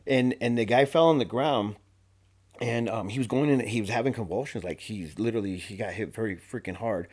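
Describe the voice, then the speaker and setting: A man with a somewhat low voice talks casually as a podcast guest. He tells his story in an animated, slangy way, with lots of fillers and restarts. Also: a little fast, husky. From Arizona.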